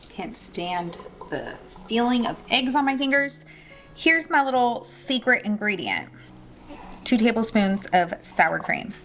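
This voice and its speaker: A woman's voice: fairly high pitch, a bit bright, slight background noise, rough recording. A woman hosting a casual cooking demonstration in a home kitchen, chatty and self-deprecating with joking asides. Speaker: cooking show host.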